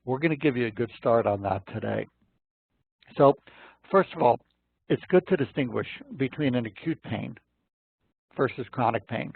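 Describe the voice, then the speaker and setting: A man's voice: mid-range voice, normal speed, vocal fry, long pauses, slightly rough, no room sound. A man hosting a nutrition talk, explaining pain in an informal lecture style and telling folksy stories. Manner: folksy storyteller, acts out quotes in the story. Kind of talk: informal health lecture with anecdotes. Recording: dry, phone-like narrow sound.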